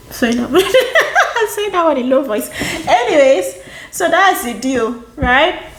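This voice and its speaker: A woman from Nigeria with a Nigerian accent, chatting casually to camera as a vlogger, expressive and exclamatory, repeating phrases for emphasis. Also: fairly high pitch. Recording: roomy echo with faint background music.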